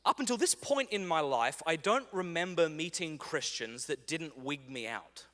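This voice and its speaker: A man in his thirties with a fairly high voice and normal speed gives a funny keynote in a large conference hall, animatedly telling stories and acting out snippets of dialogue. The big hall adds a long reverb.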